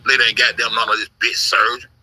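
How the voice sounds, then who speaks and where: A man's voice: medium pitch, little pitch movement, fast talker, bright, forceful tone, breathy edge, rough recording. A man telling a rambling, profane story in a casual livestream, repeating himself and swearing heavily. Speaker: livestreamer recounting an online investigation.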